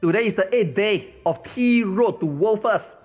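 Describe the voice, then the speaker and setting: A man's voice: high-pitched, animated, normal speed, darkish tone, big-room sound, soft background music. A man putting on a formal male esports caster, announcer-like with hesitations.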